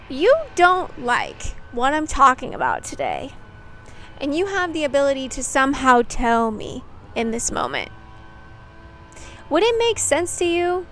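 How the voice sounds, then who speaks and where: A woman's voice: high voice, fairly bright tone, slight background noise. A young adult woman, a video creator, talking candidly to camera in a rambling, reflective way, full of "like" and the odd swear word. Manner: rambling and candid, heavy use of "like", casual swearing. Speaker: YouTube creator. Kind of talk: reflective casual monologue to camera.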